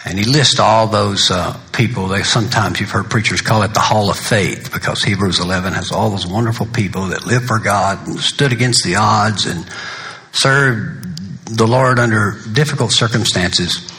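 Bright-voiced older pastor, folksy. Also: male voice, on the low side, moderate pace. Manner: folksy, joking anecdotes between solemn points. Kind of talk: funeral sermon.

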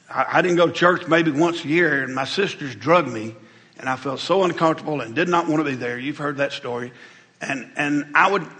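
A man's voice: on the high side, pushed and bright. A middle-aged man, preaching a conversational, folksy sermon as pastor, often repeating words as he goes. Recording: hall reverb.

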